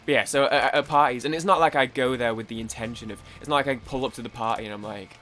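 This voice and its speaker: A man's voice: mid-range voice, steady tone, fast talker, few pauses, pushed and bright, soft background music. Rambling young British man gaming. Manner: rambling and chatty, full of fillers and swearing. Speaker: gaming YouTuber. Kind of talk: casual let's-play commentary.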